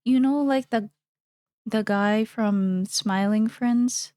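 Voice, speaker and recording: A woman's voice: a little high, takes it slowly, warm tone, clean tone, dry recording, studio quality. A young woman streamer chatting casually while she draws, rambling playfully and thinking aloud.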